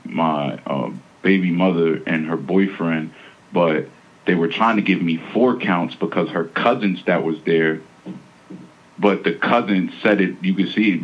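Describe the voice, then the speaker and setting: Low-voiced guy, emphatic, keeps repeating himself, dull lo-fi sound. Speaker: interviewee, defendant. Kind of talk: casual interview over a phone line.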